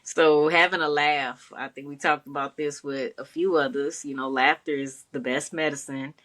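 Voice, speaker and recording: A woman's voice: sits low, steady tone, moderate pace, fairly bright tone. A woman co-hosting a podcast in easygoing casual chat, encouraging and laughing often. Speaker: podcast co-host.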